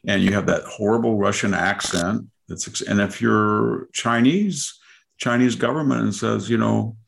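A man's voice: on the low side, measured pace, creaky. An older man hosting a podcast, giving discursive political commentary that piles up lists and mock quotations. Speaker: podcast host.

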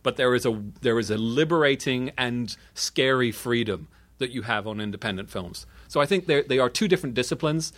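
A man's voice: medium pitch, fairly bright tone. A middle-aged man from the UK with a transatlantic accent, chatting casually as a guest and often restarting his sentences. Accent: transatlantic, not strongly British. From United Kingdom. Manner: halting, frequent restarts, laid-back. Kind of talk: casual chat.

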